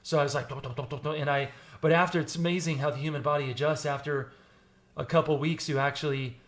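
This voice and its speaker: A man with a slightly high voice tells stories as a podcast guest. He talks in an animated, casual way and often repeats words and restarts his sentences. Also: fast. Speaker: podcast guest, former firefighter recruit. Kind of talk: casual interview storytelling.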